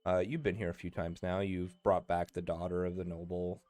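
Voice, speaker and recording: Low-voiced male game master, dry sound. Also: level tone, darkish tone, no echo. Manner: halting, many "uh" and "um". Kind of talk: narrating a tabletop game.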